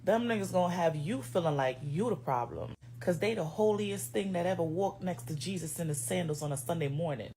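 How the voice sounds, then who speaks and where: A woman's voice: lowish voice, fairly quick, hardly any pauses, warm tone. A woman speaking to camera in an emphatic, profane, preachy manner. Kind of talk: casual monologue to camera.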